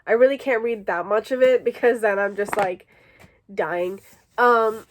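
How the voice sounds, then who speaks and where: A woman's voice: medium pitch, measured pace, a little hiss or hum. A woman hosting a casual book vlog, talking in an emotional, gushing way with plenty of "like" fillers. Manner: gushing, emotional, filler-heavy with frequent likes. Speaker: book vlogger. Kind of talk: casual chat.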